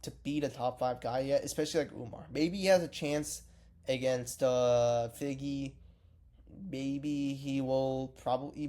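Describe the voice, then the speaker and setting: A man's voice: mid-range voice, a little mellow. A man casually giving his takes in a vlog, rambling, cursing and correcting himself mid-sentence. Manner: rambling, profane, self-correcting. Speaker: MMA reaction vlogger.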